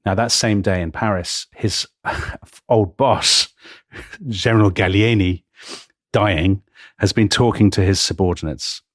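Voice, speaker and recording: Male podcast co-host, deep husky voice, dramatic storyteller. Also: measured pace, dry recording, studio quality. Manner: dramatic retelling, frequent laughs. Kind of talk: casual history podcast storytelling.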